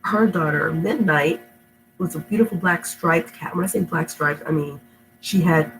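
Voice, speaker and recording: A woman's voice: deep voice, moderate pace, a bit bright, soft background music, low-quality recording. A middle-aged woman with a sick, stuffy voice who reads storybooks aloud to kids at home, then chats in a rambling, affectionate way. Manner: rambling, affectionate, laughs often. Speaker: storytime reader. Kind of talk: reading aloud to kids, then casual chat. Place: home indoors.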